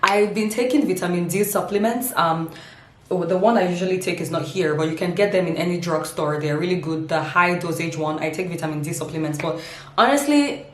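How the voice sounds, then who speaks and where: A woman's voice: lowish voice, reverberant. A woman vlogging in a humorous, casual way, laughing often and giving her points dramatic emphasis.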